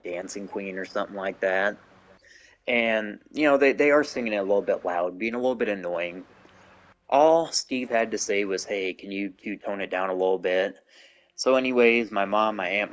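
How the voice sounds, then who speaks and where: Low-voiced man, swearing and rambling. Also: normal speed, fairly bright tone. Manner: constant swearing, rambling asides. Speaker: gaming channel host. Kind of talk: casual storytelling to camera.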